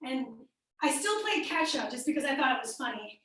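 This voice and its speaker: A young woman with a Midwestern accent teaches a workout class, her high voice bright and encouraging as she counts down and calls out names. She sounds far from the mic in a very echoey room. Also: very animated, fairly quick. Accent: American Midwestern. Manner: upbeat, cueing and encouraging class members by name. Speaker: fitness instructor. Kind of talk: live workout class instruction.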